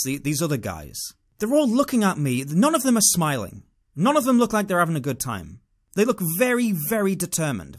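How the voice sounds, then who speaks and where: Animated British man telling a story. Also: fairly high pitch. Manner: dramatic, wry storyteller. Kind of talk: first-person travel storytelling monologue.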